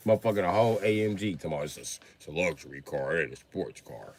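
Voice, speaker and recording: This livestream host has a low voice and talks fast with few pauses. He rants and jokes animatedly, swearing a lot and cracking himself up at his own jokes.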